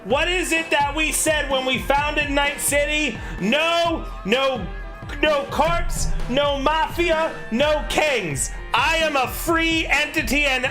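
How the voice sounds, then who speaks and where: A man voicing a cranky old male bar owner who rants loudly about his rights. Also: very high voice, takes it slowly, music in the background, voice pushed up. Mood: indignant. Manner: loud indignant ranting.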